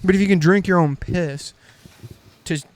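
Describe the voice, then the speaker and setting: American guy in his 20s, high smooth voice, rambling podcast story, laughs a lot. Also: normal speed. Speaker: podcast co-host. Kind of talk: casual chat.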